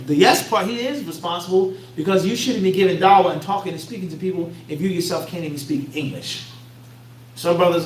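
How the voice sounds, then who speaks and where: A man with a Philadelphia accent giving an Islamic lecture to a class, bluntly streetwise, tossing out rhetorical "what?" questions for listeners to answer. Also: fairly high pitch. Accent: Philadelphia American. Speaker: Islamic teacher. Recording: echoey room, mic far off, faint hum.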